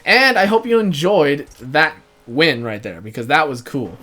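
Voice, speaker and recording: A young man talks through his racing game in a loose, rambling way, his voice sitting a little higher than most men's. He drifts between topics and chuckles between thoughts, like a host chatting to regular viewers. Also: lively intonation, a little slow, sharp tone. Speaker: gaming channel host. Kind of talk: casual gameplay commentary.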